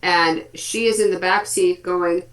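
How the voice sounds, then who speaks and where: A woman in her fifties, a speech therapist chatting casually and telling lively stories about her students and granddaughter. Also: fairly low pitch, a little slow. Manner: lively storytelling, quotes kids and family. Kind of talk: casual web chat.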